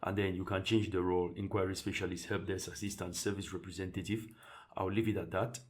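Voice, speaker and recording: Deep-voiced man talking through a tutorial. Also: quick pace. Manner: relaxed, thinks aloud with restarts while clicking through settings. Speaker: tutorial presenter. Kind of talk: casual screen-share tutorial.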